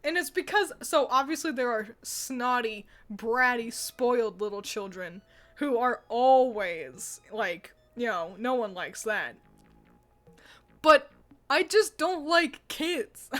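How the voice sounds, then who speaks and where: High-voiced woman ranting bluntly. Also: fairly bright tone. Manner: blunt, profane ranting with frequent laughter. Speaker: streamer. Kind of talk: casual livestream chat.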